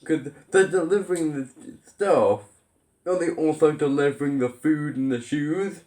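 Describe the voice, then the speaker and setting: A man's voice: a little high, unhurried, dark tone, reverberant. A man ranting in an exasperated, sarcastic way as a vlogger. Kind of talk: ranting commentary.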